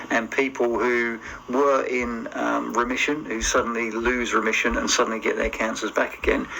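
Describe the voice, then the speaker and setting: Man, social media commentator, gravelly and bright-toned, measured and emphatic. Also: medium pitch, slight background noise, low-quality recording. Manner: careful, emphatic, hedging. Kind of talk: talking to camera.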